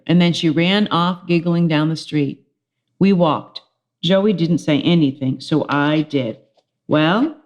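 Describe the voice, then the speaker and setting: A middle-aged woman, a teacher, reading a children's chapter book aloud, telling it with lively expression. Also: lowish voice. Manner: expressive storytelling with character voices.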